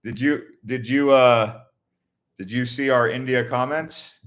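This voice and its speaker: A man's voice: medium pitch, fairly even intonation, a little slow, a bit bright. A man from the United States hosting a casual live stream, answering viewer questions and telling rambling travel stories with frequent restarts. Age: adult, Navy veteran.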